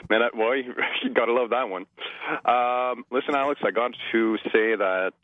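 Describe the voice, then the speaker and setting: A man's voice: medium pitch, steady tone, normal speed, no echo. A man from Quebec calling in to a radio show, talking hesitantly with many fillers over the phone. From Quebec, Canada. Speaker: caller. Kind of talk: phone-in talk. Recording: tinny phone line.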